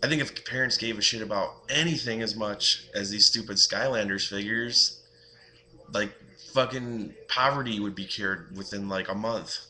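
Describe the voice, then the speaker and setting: A man with a very bright, sharp voice that sits a little low in pitch. He rants on his video blog, exasperated and swearing freely. He slips into mocking voices when he quotes people. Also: normal speed, slight background noise. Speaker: vlogger.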